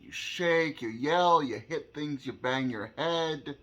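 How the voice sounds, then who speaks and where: A man talking earnestly from his own experience in a vlog, halting and repeating words as he searches for how to say things. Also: a little high, fairly bright tone, muffled recording. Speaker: vlogger. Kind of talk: personal explainer monologue.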